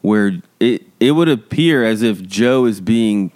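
A man's voice: on the low side, expressive, unhurried, darkish tone. A man co-hosting a casual recap podcast, laid-back with wry asides. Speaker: podcast co-host recapping a TV series. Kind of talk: casual chat.

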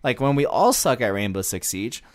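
A man co-hosting a casual gaming podcast, joking and explaining game strategy with quick asides. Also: mid-range voice. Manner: animated, joking, talks fast about games. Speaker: podcast co-host. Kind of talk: casual chat.

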